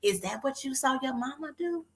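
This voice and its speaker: A woman therapist co-hosting a casual talk on a video call, telling stories in an animated way and acting out what people said. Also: high-pitched, normal speed. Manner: animated storytelling, acts out quotes. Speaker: therapist and co-host. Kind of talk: casual conversation.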